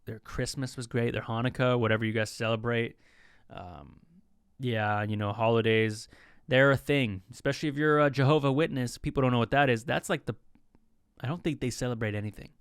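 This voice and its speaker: A man's voice: mid-range voice, brisk, clear, resonant tone, no room sound, clean studio sound. A young man hosting a podcast, telling joking stories in a casual solo talk and mimicking the people in them. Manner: joking, animated storytelling with mimicked voices. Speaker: podcast host.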